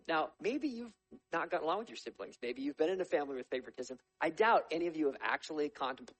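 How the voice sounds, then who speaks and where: Man preaching, tells the story lively with jokes on the side; slightly high voice, dry recording. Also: fast, husky, no room sound, poor audio. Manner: lively storytelling with humorous asides. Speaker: pastor. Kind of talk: sermon.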